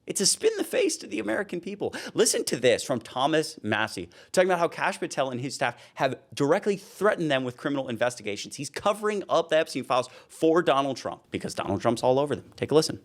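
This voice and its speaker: A man's voice: fairly high pitch, wildly swooping pitch, fast, few pauses. A young man giving heated, casual political commentary, worked up and ranting.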